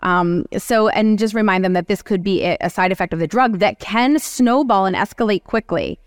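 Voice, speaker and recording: A woman moderating a medical education panel, talking animatedly and acting out quick exchanges with patients. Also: medium pitch, no room sound, studio quality. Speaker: panel moderator, oncology clinician. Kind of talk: continuing-education panel discussion.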